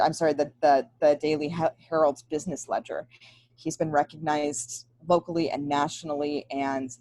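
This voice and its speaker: Earnest webinar host, woman with a deep dry voice, emphatic delivery on a video call. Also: darkish tone, no echo, rough recording. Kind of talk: webinar introduction.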